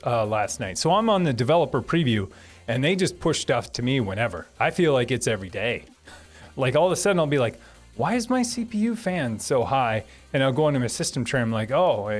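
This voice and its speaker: A man hosting a live stream from his home setup, chatting casually, reading viewer comments and thanking them with frequent laughs. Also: mid-range voice.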